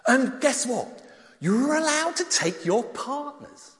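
A man preaching, telling a story with props and then reading a psalm, animated and at times dropping soft. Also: very high-pitched, slow. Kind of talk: children's talk and Bible reading. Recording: long hall reverb.

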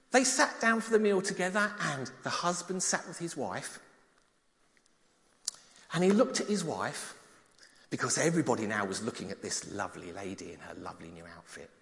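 A man preaching in a big echoing hall, his fairly high voice swinging up and down as he tells a story. He drops his voice soft for the quiet parts, then reads scripture. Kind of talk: children's talk and Bible reading. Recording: long hall reverb.

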